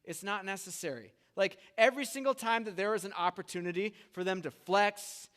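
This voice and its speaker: A man with a slightly high voice preaches a sermon in a church hall with long reverb. He talks in a casual, conversational way and acts out the voices of the people in his stories. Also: brisk, smooth. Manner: conversational, animated retellings with acted quotes. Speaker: pastor. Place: church sanctuary.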